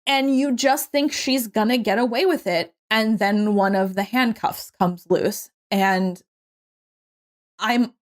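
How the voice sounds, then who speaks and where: A young adult woman co-hosting a podcast, casually recapping a movie with lively quoted voices and the odd swear word. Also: on the high side, slow pace. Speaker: podcast co-host.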